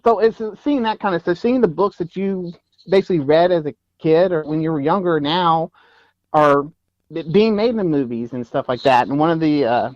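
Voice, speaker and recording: A man from Texas talks as a guest in a casual interview, telling stories in a rambling way with lots of fillers and restarts. His voice sits fairly high for a man. The sound is dry and slightly muffled, as if on a lo-fi recording. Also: normal speed, darkish tone, no echo. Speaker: guest actor and producer.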